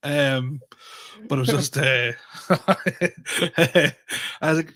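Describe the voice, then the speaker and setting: A man with a Tyrone accent who grew up there after moving from the Middle East. He co-hosts a podcast as a comedian, chatting casually and telling lively stories where he acts out what people said, often breaking into laughter. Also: on the high side, drawn-out words, long pauses. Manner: animated storytelling, acting out quoted dialogue, laughing often. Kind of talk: casual chat.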